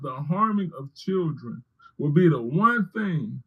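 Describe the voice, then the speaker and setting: Argumentative man, higher voice, muffled audio. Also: expressive, a little slow, husky. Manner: argumentative, repeating phrases, addressing commenters by name. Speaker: livestream commentator reading viewer comments. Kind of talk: heated political commentary.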